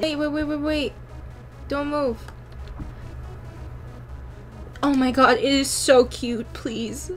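A young woman and gaming YouTuber gives casual, playful commentary as she plays a video game. She speaks high and slowly, talks to herself with jokey taunts, and lets out sudden squeals, with soft music in the background.

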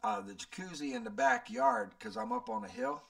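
A man's voice: very high-pitched, brisk, creaky, a bit bright, recorded from a distance. A man in his seventies, a channel host, rambling and thinking aloud as he answers viewer questions. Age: 70s. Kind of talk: casual Q&A chat.

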